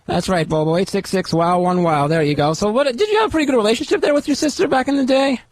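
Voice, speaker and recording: A man hosting a call-in radio show, firing off repetitive questions in rapid succession. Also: high voice, no room sound.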